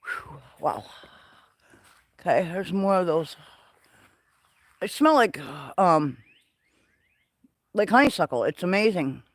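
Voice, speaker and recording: A man hosting a livestream, walking through his greenhouse and garden and chatting in an excitable, rambling way. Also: sits high, unhurried, long pauses, no echo. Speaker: livestream host. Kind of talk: casual walking garden tour. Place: greenhouse and garden, partly outdoors.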